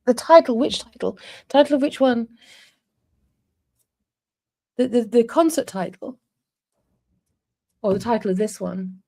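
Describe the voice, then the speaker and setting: A woman in her forties from North East England co-hosts a live stream, chatting casually and laughing often with viewers. Her voice is on the high side, creaky and darkish, with lively intonation and a measured pace marked by frequent pauses.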